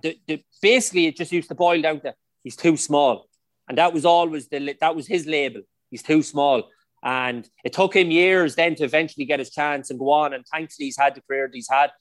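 A middle-aged man with an Irish accent spins long, chatty stories in a relaxed interview. His delivery is anecdotal and loose, sprinkled with "like" and "you know". The sound is dry and close, with no room echo. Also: a little high, fairly quick. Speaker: podcast guest, former footballer. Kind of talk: casual storytelling interview.

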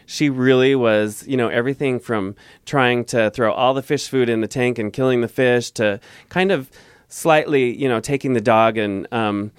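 A man's voice: mid-range voice, normal speed, smooth, no echo. A man guest telling a heartfelt family story in a casual interview, earnest and rambling, on a close mic.

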